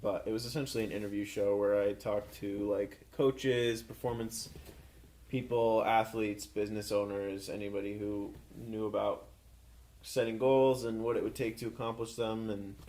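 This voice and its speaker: A young man guesting on a casual podcast, speaking in a steady, even tone with dry humor into a handheld mic. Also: lowish voice, normal speed. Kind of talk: casual chat.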